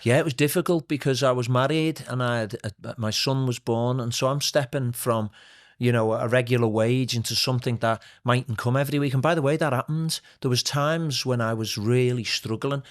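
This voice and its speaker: A swing singer from Liverpool, England, appears as a podcast guest and tells animated anecdotes in a casual storytelling chat, complete with put-on voices and laughter. He speaks at medium pitch and normal speed.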